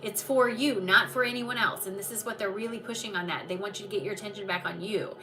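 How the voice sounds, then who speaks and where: Woman, live oracle reader, chatty and warm to viewers, distant mic, noisy background. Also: mid-range voice, quick pace. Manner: chatty, reassuring, addresses viewers by name. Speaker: intuitive oracle card reader, live stream host. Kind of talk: live stream card reading.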